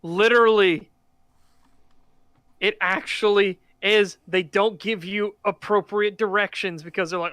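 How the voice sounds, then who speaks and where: A man with a high, sharp, clear voice cuts in bluntly and swears dismissively. The recording is dry and close. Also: fairly even intonation, a little slow, no room sound. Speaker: stream co-host. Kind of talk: reaction stream chat.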